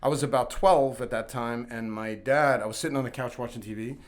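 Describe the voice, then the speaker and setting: In a casual podcast chat, the New York City guest rambles through stories, backtracking and restarting, and laughs as he voices quotes. His medium-pitched delivery is a little fast with fairly even intonation.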